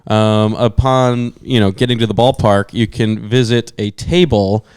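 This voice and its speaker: Rambling young man, smooth voice. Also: fairly low pitch, steady tone, unhurried, darkish tone, dry recording, studio quality. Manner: rambling storyteller with many fillers. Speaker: podcast co-host. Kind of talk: casual chat.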